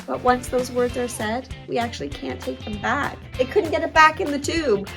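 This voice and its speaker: A woman teaching children in an animated, expressive way. Her voice is on the higher side, and soft music plays behind her. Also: normal speed, gravelly, hardly any pauses. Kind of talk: scripted Bible lesson for kids.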